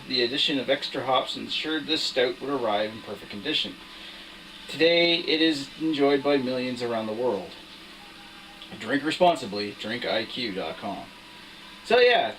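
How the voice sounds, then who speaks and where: A man's voice: medium pitch, a bit bright. A young man hosting his own beer review, chatting casually with lots of fillers and restarts. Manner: rambling, with frequent fillers and restarts. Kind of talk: casual on-camera chat. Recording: voice somewhat distant from the mic, faint background hiss.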